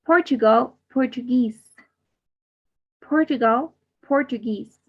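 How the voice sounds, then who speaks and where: A woman teaching an English class online, slowly repeating each word twice in a drilled, deliberate way. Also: a little high, breathy edge. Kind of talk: slow drilled pronunciation lesson. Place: online class, speaking to a camera. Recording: slightly dull lo-fi audio.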